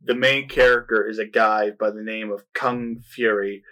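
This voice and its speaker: A man's voice: on the low side, fairly even intonation, normal speed, sharp tone. Enthusiastic rambling man reviewing films. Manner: enthusiastic, rambling with restarts and laughs. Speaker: podcast co-host. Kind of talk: casual film review chat.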